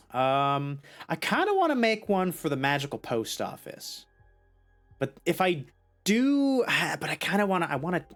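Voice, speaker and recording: Streamer, casual game commentary, thinking aloud, animated pitch. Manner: chatty, thinks aloud with restarts. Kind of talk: casual let's play commentary.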